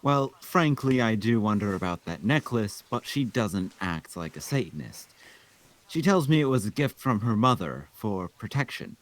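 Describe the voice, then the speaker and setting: A man's voice: on the low side, very animated, moderate pace. A man reading the part of a prim, gossipy older woman clerk in a table read.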